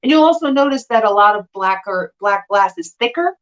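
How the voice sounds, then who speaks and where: A woman's voice: medium pitch, animated, a little fast, dull audio. A woman hosting a casual live stream, explaining things to her viewers in a chatty way with asides. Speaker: host of a live vintage sale. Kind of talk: casual livestream chat.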